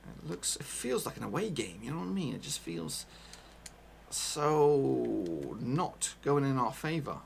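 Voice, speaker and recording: A man commentating his own football video game live, excitable and casual, swearing and talking to his viewers. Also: medium pitch, a little slow, creaky, slight background noise. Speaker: gaming YouTuber.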